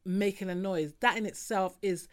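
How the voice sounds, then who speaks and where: A woman's voice: medium pitch, steady tone, moderate pace. A woman hosting a podcast, chatting casually and teasing her co-host. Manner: cheeky, teasing, laughs often. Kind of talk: casual chat.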